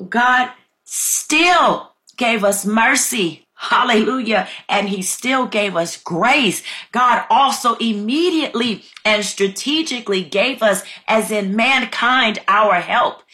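A woman's voice: fairly high pitch, pushed and bright. A woman preaching a fervent sermon, reading scripture aloud and calling her listeners family. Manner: fervent, exclaims "my God", addresses listeners as family.

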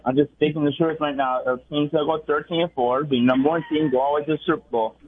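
A man's voice: a little high, steady tone, fast, husky. A man calling in to a sports radio show, cocky and brushing off the host's teasing. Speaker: caller. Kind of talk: call-in chat. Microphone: phone. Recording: tinny phone line.

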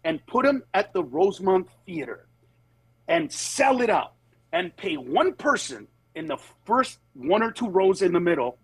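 A male comedian chatting as a podcast guest, his voice pitched high and a little husky. He tells stories with big swings up and down in pitch and keeps dropping into quick impressions. When he makes a serious point he turns earnest and emphatic, and the recording sounds close and dry. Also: no room sound, low-quality recording. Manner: animated storytelling, slips into quick character voices. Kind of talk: casual podcast conversation.

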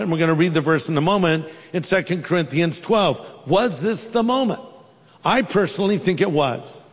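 A man preaches in a large church hall, his voice sitting high for a man. He tells stories and drops in humorous asides. A long reverb trails each phrase. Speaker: pastor. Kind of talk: sermon.

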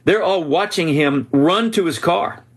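A man telling a story as a guest on a podcast, his voice sitting a little high. He breaks into the voices of the people in his story as he goes. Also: a little slow, breathy edge. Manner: animated storyteller who voices quoted people. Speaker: guest author.

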